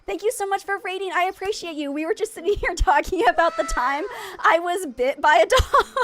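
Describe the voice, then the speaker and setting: A young adult woman streaming a game live, bubbly and excitable, chatting with viewers and laughing often. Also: extremely high pitch, normal speed, a little hiss or hum. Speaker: variety streamer.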